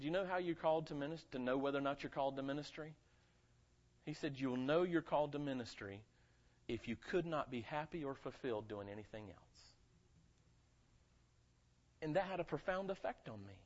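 A male pastor from North Carolina with a light Southern accent, preaching a sermon in a conversational way and asking his congregation for amens. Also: a little high. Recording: muffled lo-fi sound.

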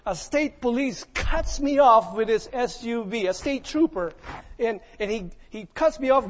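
Male pastor, very high voice, dramatic sermon storyteller, muffled church recording. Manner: preaching with call-and-response questions and dramatic retelling.

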